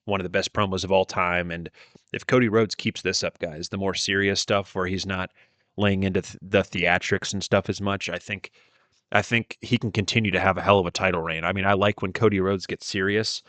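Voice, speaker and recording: A man's voice: low-pitched, fairly even intonation, a little fast, a bit bright, no echo. A man giving a casual, rambling wrestling review, retelling with many fillers and plenty of enthusiasm.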